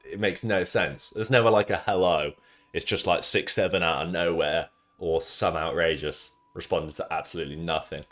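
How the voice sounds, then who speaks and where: A man's voice: low-pitched, fairly bright tone. A young man livestreaming from home, chatting casually with viewers, rambling, swearing freely and teasing his chat.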